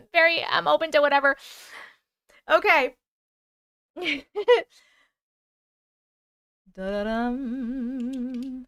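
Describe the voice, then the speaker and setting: A woman hosting a casual livestream, chatting with viewers and rattling off quick thank-yous for gifts, excitable and prone to laughing and swearing. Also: fairly high pitch, clean tone, dry recording. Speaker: livestream host. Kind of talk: casual livestream chat, reading comments and thanking gifters.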